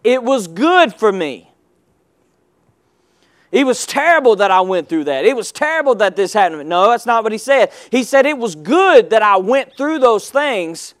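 A man with a high voice preaches in call-and-response style. His emphasis rises and falls as he urges the congregation to answer. The sound is dry, with no room echo. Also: sing-song, moderate pace, few pauses, fairly bright tone. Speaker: pastor. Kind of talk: sermon.

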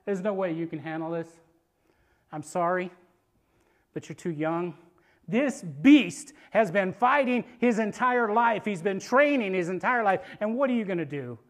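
A fatherly king who doubts and dismisses a youth, as a male preacher acts him out. He talks down kindly but firmly. The voice stays close to the preacher's own. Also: a little high. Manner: dismissive, patronizing.

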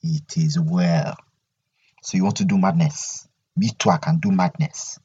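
A man's voice: low-pitched, fairly even intonation, moderate pace, dark tone, slightly rough, dull audio. A young man hosting a solo podcast, ranting animatedly and repeating his points. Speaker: podcast host.

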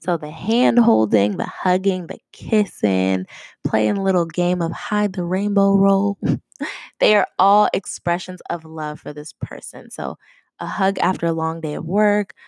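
A woman's voice: mid-range voice, fairly even intonation, a little slow, vocal fry, a little mellow, no room sound. A young woman hosting a podcast, talking chattily in a casual, conversational way and laughing often. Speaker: podcast host. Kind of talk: casual solo podcast talk.

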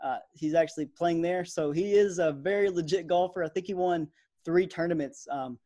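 A young man in his twenties co-hosting a podcast, chatting in a relaxed way with lots of fillers. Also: a little high, normal speed. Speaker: podcast co-host. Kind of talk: casual sports podcast chat.

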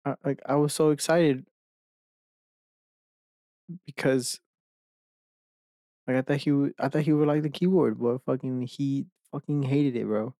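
A man's voice: medium pitch, dark tone, no echo. Loose, swearing guy chatting at his desk. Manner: rambling, swears often, laughs mid-sentence. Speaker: podcast host. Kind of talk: casual solo podcast chat. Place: home desk setup. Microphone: desk microphone.

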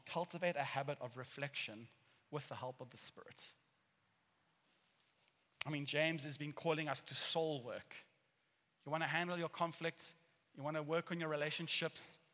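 Earnest preacher man in a reverberant hall. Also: a little high. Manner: earnest, animated storytelling with acted-out quotes. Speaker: pastor. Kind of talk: sermon. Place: church hall.

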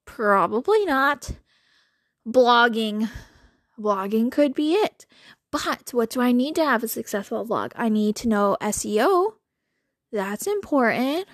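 A woman hosting a podcast, talking in a chatty, animated way with lots of filler words and little laughs. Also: on the high side, slow, no echo, clean studio sound. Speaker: podcast host. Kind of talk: casual monologue.

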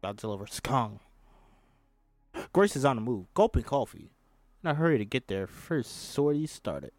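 A man reads a film script aloud in a casual, mid-pitched voice, stopping now and then for a joking aside. The recording is dry and close, with faint music in the background. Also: sing-song, moderate pace, a little mellow, no room sound. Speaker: script reader.

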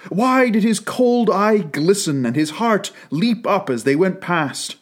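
A male narrator reading a classic storybook, his pitch somewhat high for a man and swinging animatedly through each sentence. He takes his time and leans into the drama of the prose. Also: animated, takes it slowly.

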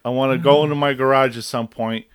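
A man's voice: mid-range voice, fairly even intonation, fast talker, smooth, dry recording, studio quality. A man co-hosting a podcast in casual chat, cracking jokes and laughing. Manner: wisecracking, laughing. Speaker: podcast co-host.

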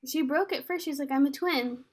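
High-voiced chatty woman. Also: moderate pace. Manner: animated, filler-heavy retelling with quoted lines. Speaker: podcast co-host. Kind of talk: casual chat recapping a TV episode.

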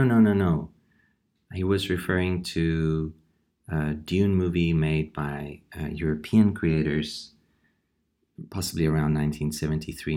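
Man, very deep voice, podcast host, unhurried reflective storytelling. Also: darkish tone. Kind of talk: horror comics podcast monologue.

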